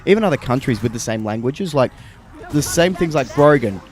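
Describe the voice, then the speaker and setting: A man's voice: mid-range voice, lively intonation, a little fast. A man with an Australian accent chatting casually over gameplay as co-host, explaining things at length into a close handheld mic. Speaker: gaming podcast co-host.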